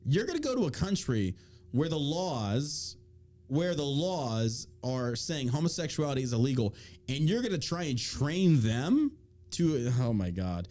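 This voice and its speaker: Animated, crude-talking male podcast host. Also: medium pitch, measured pace. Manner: crude, mocking, reads articles aloud with jokes. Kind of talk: casual podcast chat.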